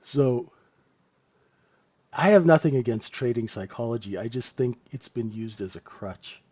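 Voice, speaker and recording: In a muffled recording, a man with a mid-range, animated voice hosts a live trading session, speaking a little slowly with a darkish, slightly breathy tone. His manner is chatty: he keeps asking tag questions, chuckles in asides and frequently checks on the people listening as he covers the market.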